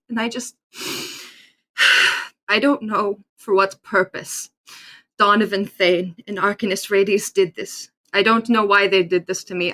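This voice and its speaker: A woman player role-playing her character in a tabletop game, emotional and halting. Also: medium pitch, sharp tone.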